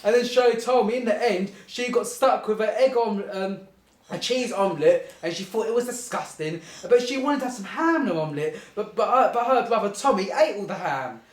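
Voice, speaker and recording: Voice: medium pitch, lively intonation, brisk. Rambling storyteller in an echoey room. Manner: rambling, keeps saying "anyway", giggles through the telling. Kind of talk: rambling comic anecdote.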